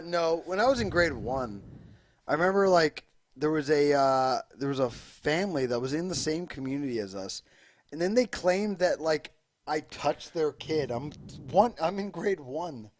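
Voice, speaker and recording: A man's voice: fairly high pitch, expressive, normal speed, slight background noise. A young man telling blunt, offhand stories from his childhood in casual podcast chat, joking and using fillers. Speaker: podcast co-host.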